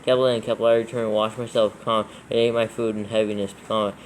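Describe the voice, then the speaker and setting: Brisk, flat male reader dictating text with punctuation for a proofread check. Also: on the low side, a little hiss or hum, poor audio. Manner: flat, steady reading that spells out punctuation and letters. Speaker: scripture reader in a proofreading session.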